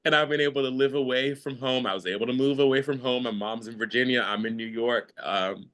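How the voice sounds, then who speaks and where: A man hosting a mindfulness class talks openly over a video call, his voice bright and forceful at an ordinary pitch. He wanders through his thoughts with plenty of fillers and breaks into laughter often. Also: brisk. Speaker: host sharing in a mindfulness class. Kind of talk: casual, heartfelt group sharing.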